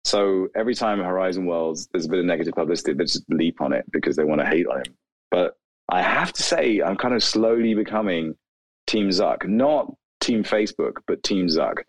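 A man, a video creator, talking casually in an interview with many "like" fillers and animated asides. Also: deep voice, fairly quick, no room sound, rough recording. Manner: rambling, animated, lots of "like" fillers.

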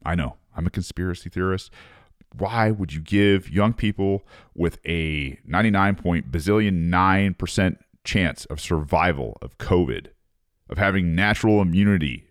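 A man's voice: sits low, normal speed, dry recording, clean studio sound. A man, a former Marine, reading an article aloud and ranting over it in a profane, sarcastic casual monologue.

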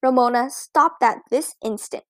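A woman's voice: high voice, unhurried, a bit bright, dry recording. A woman reading a storybook who voices a bossy, prim schoolgirl big sister. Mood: scolding. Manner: bossy, correcting.

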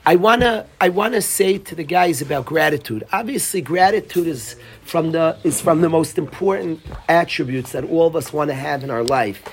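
A middle-aged rabbi lecturing on Torah, his voice a little high and gravelly with fry. He tells stories with animated delivery and Hebrew terms mixed in. A faint hiss of noise sits under the recording. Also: normal speed, hardly any pauses.

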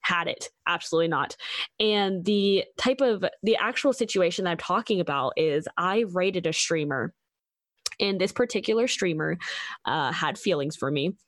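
A young woman with a somewhat low voice tells a story in relaxed conversation. She gets animated and acts out the other people's lines, with plenty of "like". The sound is close and dry. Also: normal speed, no echo. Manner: animated storytelling, acting out quoted exchanges, many likes. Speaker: Twitch streamer. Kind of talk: casual conversation.

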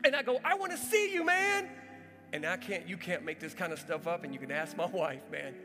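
A man preaching a testimony in sermon storytelling style, animated and acting out the sounds and voices in the story. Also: a little high, quick pace. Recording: echoey hall with soft music.

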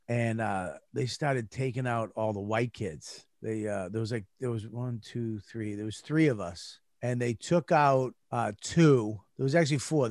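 A man's voice: medium pitch, a little mellow, dry recording, studio quality. A man who grew up in Massachusetts, a comedian telling rambling, profane stories in casual conversation. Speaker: comedian guest. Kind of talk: casual storytelling chat.

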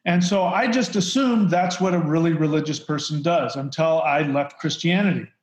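A man's voice: on the high side, moderate pace. A man speaking as a podcast guest, talking emphatically in a casual conversation. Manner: emphatic, mocks preachers in put-on voices. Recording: roomy, dull lo-fi sound.

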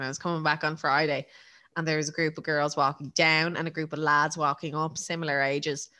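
A woman's voice: low-pitched, flat delivery, fairly quick, bright, forceful tone. A young woman with an Irish accent, co-hosting a podcast and telling indignant stories in casual chat. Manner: indignant storyteller, swears. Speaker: podcast co-host.

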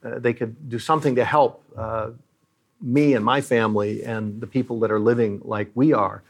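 A man's voice: mid-range voice, steady tone, normal speed. A middle-aged man who leads a Christian aid charity, speaking earnestly and like a preacher as he tells moving stories in an interview.

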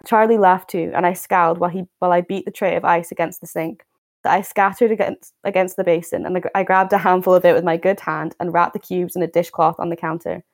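A woman's voice: fairly low pitch, no echo. A young woman hosting a podcast, reading a novel aloud and then commenting with exasperated, wry remarks. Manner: wry, exasperated, stumbles and restarts while reading. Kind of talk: book reading and casual commentary.

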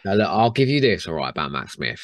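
A man's voice: low voice, fast, no echo, studio quality. A man co-hosting a casual podcast chat, swearing freely and mimicking actors. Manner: animated, laughs often, swears, mimics actors. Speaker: podcast co-host.

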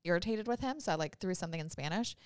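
A woman's voice: lowish voice, lively intonation, rapid-fire, clear, resonant tone, no echo, clean studio sound. A young adult woman co-hosting a podcast in casual, laughing chat, swearing freely. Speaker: podcast co-host.

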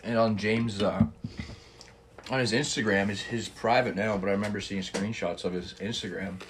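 A young man with a fairly low voice chats loosely on a podcast, relaxed and profane, chuckling now and then. A faint hiss of room noise sits under him. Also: moderate pace. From Canada. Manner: laid-back, swears freely, laughs often. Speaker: podcast host. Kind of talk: casual chat.

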